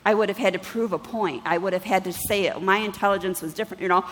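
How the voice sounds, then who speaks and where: A woman pastor preaching a sermon, telling stories with lively acted-out dialogue and asking the congregation questions. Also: mid-range voice, quick pace, big-room sound, rough recording. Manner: animated storytelling, acts out her own dialogue with God. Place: church.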